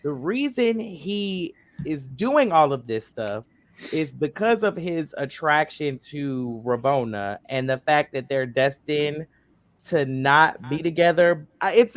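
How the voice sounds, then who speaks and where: Man rambling through an excited explanation. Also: fairly high pitch, no echo. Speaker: panelist. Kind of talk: casual group chat.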